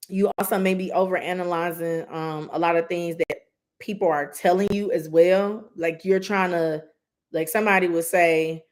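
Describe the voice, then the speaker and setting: A woman's voice: on the low side, steady tone, moderate pace. A woman doing a live intuitive reading, giving earnest, direct advice with many asides. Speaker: psychic reader.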